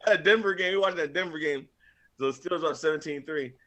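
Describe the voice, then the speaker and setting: A man telling stories in casual chat, acting out other people and swearing freely. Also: fast. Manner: animated storyteller, acts out others in high squeaky voices, swears freely. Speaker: podcast panelist.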